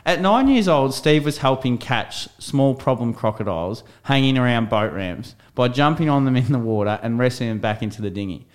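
Young man, podcast co-host, chatty and laughing, mid-pitched voice. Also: lively intonation, moderate pace, few pauses. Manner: chatty, laughs easily, shares facts. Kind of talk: casual chat.

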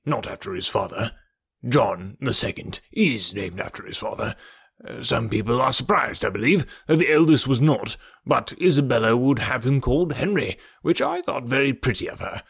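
A man's voice: mid-range voice, creaky, fairly bright tone, husky, dry recording, clean studio sound, full character voice. A man doing a fussy, fretful old father. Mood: doting. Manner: sighing, fussy, anxious. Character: fretful elderly fond father, gentleman. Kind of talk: audiobook reading.

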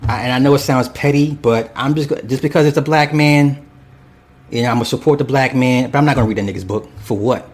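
A man's voice: medium pitch, fast. A man hosting a casual commentary stream, reading chat and speaking bluntly and profanely, rambling with restarts.

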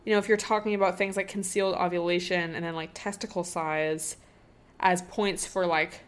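A woman's voice: fairly low pitch, fairly even intonation, moderate pace, smooth. A young woman hosting a casual solo podcast, thinking aloud in a rambling way with lots of fillers. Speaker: podcast host.

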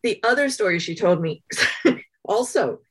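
A woman biographer being interviewed, telling anecdotes conversationally with thoughtful pauses and frequent fillers. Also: medium pitch, animated, breathy edge, rough recording. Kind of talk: conversational storytelling.

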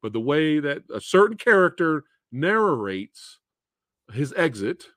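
A man hosting a casual movie review show, talking in an animated, profane and repetitive way and laughing often. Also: a little high, a little slow, no echo, clean studio sound.

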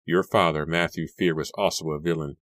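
A man's voice: a bass voice, fairly even intonation, fairly quick, a bit bright, no echo. A man voicing a grave, earnest young man. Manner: grave, intense storytelling. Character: earnest young man seeking to end a feud.

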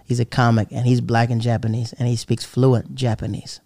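A man's voice: medium pitch, level tone, normal speed, warm tone, dry recording, clean studio sound. A man who is a stand-up comedian, talking casually and rambling with lots of "like" fillers as he acts out the people in his stories. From American South. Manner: rambling, loaded with "like", acts out quoted voices. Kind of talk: casual storytelling chat.

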